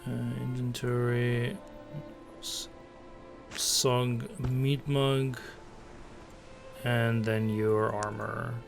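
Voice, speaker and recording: A man's voice: medium pitch, level tone, extremely slow, gravelly, long pauses, over music. A man with a Dutch accent, a native Dutch speaker, chatting casually on a live stream in rambling talk full of fillers and restarts. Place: home streaming setup.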